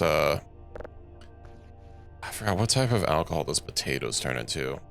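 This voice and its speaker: A man's voice: very deep voice, animated, unhurried, creaky, pauses often, pushed and bright, soft background music. A young man streaming a game, thinking aloud in a rambling, casual way and correcting himself as he goes. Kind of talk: casual gameplay commentary.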